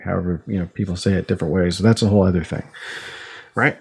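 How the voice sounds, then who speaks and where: A man's voice: lowish voice, expressive, normal speed, creaky, darkish tone, husky. A young man co-hosting a casual podcast, talking in a rambling way full of restarts and fillers, quizzing his co-host as he explains. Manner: explains by asking his co-host quiz questions.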